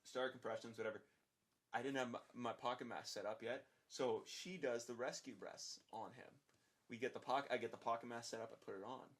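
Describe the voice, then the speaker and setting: Young adult male guest, casual storytelling, animated and profane, acts out dialogue. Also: mid-range voice, fairly quick. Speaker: podcast guest.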